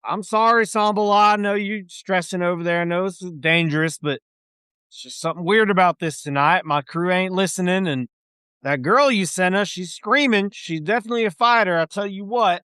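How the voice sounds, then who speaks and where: A man playing a gruff, short-tempered older smuggler captain who swears and drawls. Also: high-pitched, a little fast, pushed and bright, no room sound, studio quality, pitched above the performer's own voice. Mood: irritated. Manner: swearing, drawling, exasperated barking.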